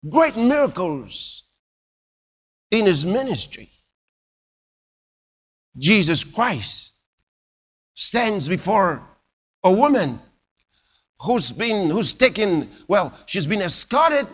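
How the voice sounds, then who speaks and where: High, lively, slow-paced preacher man. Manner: dramatic, exclamatory storytelling with sudden loud bursts and hushed drops. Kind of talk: sermon.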